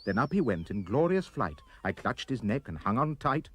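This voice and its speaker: A man reading a rhyming children's poem aloud with expressive, sing-song delivery. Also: medium pitch, moderate pace, a little hiss or hum. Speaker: reader.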